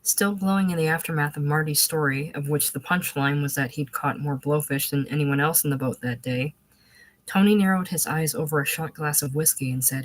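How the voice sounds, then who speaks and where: A woman reads a literary novel aloud in a measured, even way. Her voice sits low and the recording is dry and close, with no room sound. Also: dry recording, poor audio. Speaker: audiobook reader. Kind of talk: literary audiobook narration.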